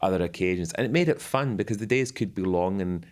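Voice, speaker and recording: A man with a very low voice spins a long, lively anecdote as a guest on a chat show. He laughs often and keeps a loose, conversational flow. He is middle-aged. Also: fast talker. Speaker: former royal butler guest.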